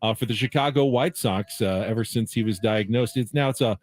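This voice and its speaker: A man's voice: on the low side, a little fast. A man hosting a sports radio show, chatting loosely with laughs and asides. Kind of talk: casual sports talk banter.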